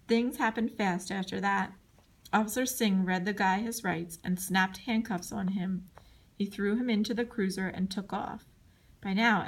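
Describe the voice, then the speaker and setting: A woman performs scripted narration of a chapter book as an audiobook reader. Dialogue gets spirited voices, and shouted lines send her pitch jumping high.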